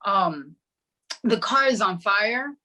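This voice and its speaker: A middle-aged woman sharing her personal testimony in an interview, telling her story with animated energy and acting out what people said. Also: mid-range voice, slow pace. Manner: animated, acts out quoted dialogue.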